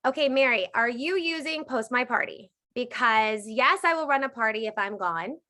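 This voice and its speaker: Woman, thirties, energetic live Q&A coach, emphatic and repetitive, fairly high voice. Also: fairly quick, hardly any pauses. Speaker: direct sales team leader.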